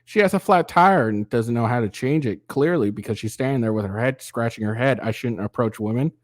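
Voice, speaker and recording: A man hosts a reaction commentary, sarcastic and profane. He often mimics other people's voices. His voice sits at a middle pitch and sounds dry and close, with no room echo. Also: fairly quick. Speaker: commentary channel host.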